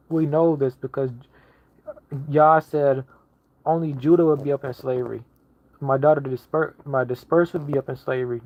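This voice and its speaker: A man's voice: mid-range voice, no room sound, phone-quality sound. A man giving a casual online sermon, preaching emphatically and repeating himself as he builds each point. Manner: repetitive, emphatic preaching with restarts. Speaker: lay preacher.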